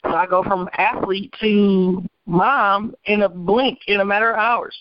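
A woman attorney from Michigan telling her life story as an interview guest, animated and acting out the people she quotes. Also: mid-range voice, unhurried, dry recording. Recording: dull, dry lo-fi recording.

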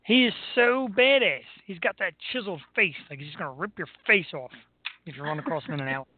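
A man's voice: sits high, fast. A man from Philadelphia co-hosting a show in casual chat, easygoing and full of fillers. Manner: relaxed, lots of "uh" and "um" fillers. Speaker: co-host. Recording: tinny phone-like line, dry.

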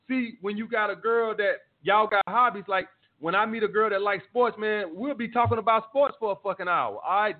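Profane, blunt man on a tinny line. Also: sits high. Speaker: dating advice host. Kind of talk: live call-in show, answering listener messages.

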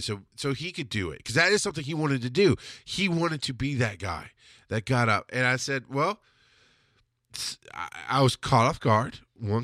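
A man's voice: medium pitch, fairly bright tone, no room sound, clean studio sound. A middle-aged man hosting a podcast, telling stories in a rambling, self-correcting way. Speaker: podcast host. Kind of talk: casual solo storytelling.

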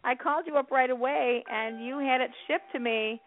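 A woman's voice: high voice, normal speed. Chatty woman host on a phone line. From Illinois. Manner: warm, chatty, encouraging. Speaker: radio show host. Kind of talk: casual interview chat. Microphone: phone call.

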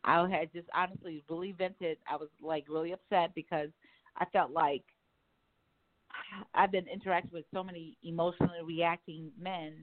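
A woman hosting a casual podcast chat, talking candidly and with profanity in an animated way. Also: lowish voice, moderate pace. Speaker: podcast host. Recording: tinny phone-like sound.

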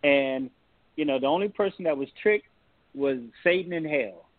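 A man, a pastor, telling a personal story on a call-in talk show in an animated, folksy way. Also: fairly high pitch, moderate pace, no echo. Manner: animated, folksy storytelling with Southern turns of phrase. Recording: tinny phone-line audio, dry.

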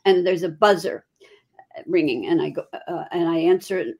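Husky older woman telling stories. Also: lowish voice, normal speed. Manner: lively anecdotal storyteller. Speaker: guest performer. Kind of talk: storytelling in casual chat.

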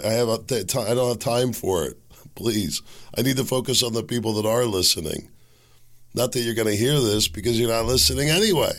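A hoarse man hosting a podcast alone, rambling in a wry, self-mocking way. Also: on the low side, fairly bright tone. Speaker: podcast host. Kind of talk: casual solo podcast monologue.

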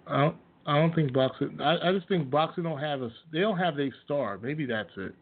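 Blunt profane male sports host, gravelly, slightly high voice, phone-thin sound. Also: moderate pace. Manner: blunt, profane, laughs at opinions he mocks. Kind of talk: casual sports rant. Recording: tinny phone-like audio.

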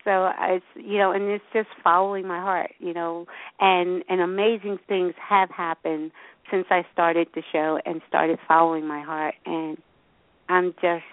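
A woman radio host interviewing a guest by phone, gushing and halting as she talks. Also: fairly low pitch, level tone. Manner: gushing, halting, laughs often. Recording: tinny phone line.

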